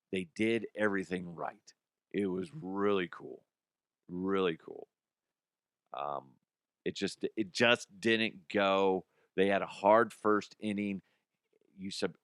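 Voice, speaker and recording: A man in his thirties or forties hosts a comedy sports-news podcast in a fairly low voice, recorded dry and close. His talk is blunt and profane, jumping from heated rants to muttered, quiet asides. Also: clean tone, no room sound. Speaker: podcast host. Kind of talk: casual comedic news commentary.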